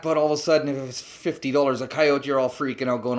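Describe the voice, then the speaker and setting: A man's voice: mid-range voice, fast talker, hardly any pauses. A man, a trapping instructor, talking bluntly off the cuff to camera, swearing and tagging points with "okay?". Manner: blunt, animated, swears, many rhetorical "okay?"s.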